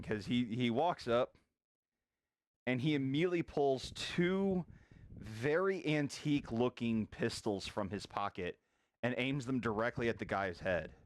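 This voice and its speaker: Slow, dry-voiced man narrating a game. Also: medium pitch, no room sound. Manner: unhurried, descriptive. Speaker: game master.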